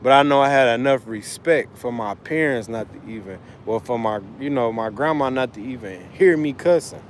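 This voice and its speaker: A man's voice: mid-range voice, moderate pace, few pauses, a little hiss or hum. A man hosting a casual livestream, a father talking loosely and emphatically, with lots of cussing. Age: adult father of school-age kids. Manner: loose, profane, rambling and emphatic. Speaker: livestream host, trucker.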